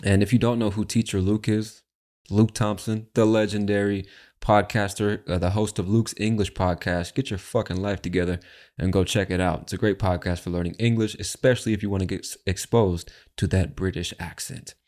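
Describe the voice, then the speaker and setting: Male podcast host, very low voice, brash, casual, swears. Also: fairly even intonation, a little fast, a little mellow. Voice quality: brash, chatty, swears freely.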